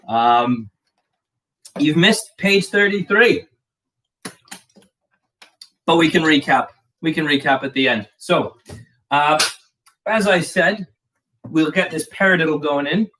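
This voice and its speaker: A man's voice: fairly high pitch, a bit bright. A man giving a casual live drum lesson, explaining patterns in a chatty way with plenty of fillers. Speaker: drum teacher. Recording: distant mic with clear background noise.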